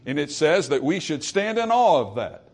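Emphatic preaching man, fairly high voice. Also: very animated, normal speed, gravelly. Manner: preaching with emphatic swings between loud and hushed. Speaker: pastor. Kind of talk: sermon.

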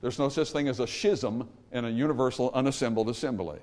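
A man preaching a Baptist sermon, emphatic, swinging between loud peaks and low trailing endings, calling for amens from the congregation. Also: fast. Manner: calls for amen from the congregation. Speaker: Baptist pastor.

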